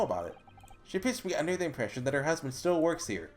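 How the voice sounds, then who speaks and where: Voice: medium pitch, big pitch swings, fast, faint music behind. A let's player giving casual commentary and reading game dialogue aloud, chatty and stumbling over lines now and then.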